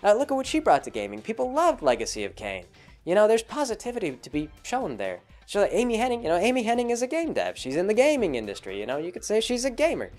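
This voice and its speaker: A man's voice: sits high, wildly swooping pitch, quick pace, a little mellow, soft background music. A man hosting his own video, talking through his views in a loose, rambling monologue full of "like" and "you know" and frequent restarts. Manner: rambling, heavy on fillers and restarts. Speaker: video host. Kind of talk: casual commentary monologue.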